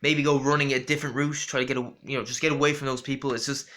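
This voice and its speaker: A man's voice: mid-range voice, level tone, very fast, bright, forceful tone. A young man rambling through a casual storytelling monologue with lots of fillers and restarts. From Ireland. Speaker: vlogger.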